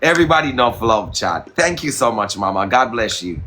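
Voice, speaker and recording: A man hosting a casual live stream, teasing his guest in patois and shouting out viewers. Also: on the low side, sing-song, a little fast, crowd noise. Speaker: livestream host.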